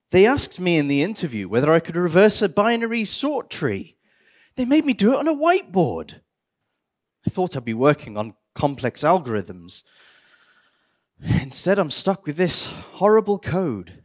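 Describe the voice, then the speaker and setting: Conference speaker, man, lively and expressive, slightly higher voice, theatrical flair. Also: measured pace. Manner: animated, theatrical outbursts of mock despair. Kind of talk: tech conference talk. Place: conference hall stage.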